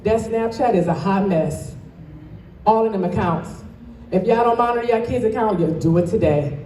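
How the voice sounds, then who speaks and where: A woman's voice: medium pitch, moderate pace, mellow, distant mic, a little hiss or hum. Passionate woman speaking in an echoey hall. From Toledo, Ohio. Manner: passionate, emphatic, addresses the crowd directly. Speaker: guest speaker and dance studio owner. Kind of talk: motivational speech to a live audience. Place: event hall, indoors.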